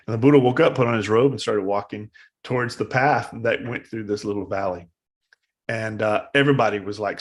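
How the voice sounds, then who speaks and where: A man giving a dharma talk at a live meditation service, telling a story in a casual, halting way with many fillers. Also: fairly low pitch, steady tone. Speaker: meditation teacher.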